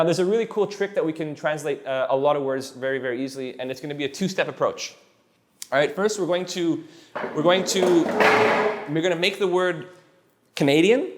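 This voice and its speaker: A man with a slightly high voice teaches a live class of students. He sounds relaxed and encouraging, often restarting and repeating his sentences as he coaxes answers out of the room. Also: a little fast, a little hiss or hum. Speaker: Spanish teacher.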